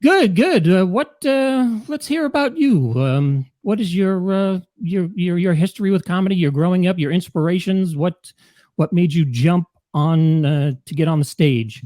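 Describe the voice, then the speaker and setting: A man's voice: sits high, expressive, moderate pace, dark tone, dry recording, clean studio sound. A man from New York hosting a podcast, telling rambling stories in a casual chat. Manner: easygoing, rambling storyteller. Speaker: podcast host.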